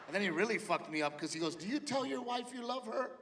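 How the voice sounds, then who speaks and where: A middle-aged man doing a stand-up set, loud and punchy, with sudden shouted punchlines. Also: sits high, lively intonation, quick pace, few pauses, background noise. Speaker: stand-up comedian. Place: large theater stage. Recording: live theater with long reverb and faint ambience.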